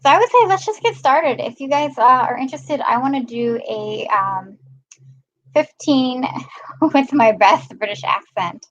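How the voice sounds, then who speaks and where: A woman's voice: high-pitched, lively intonation, unhurried, a bit bright, dull audio. Chatty woman hosting a live stream. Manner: chatty, greets viewers by name. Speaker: live-stream host filling in. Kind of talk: casual live-stream chat.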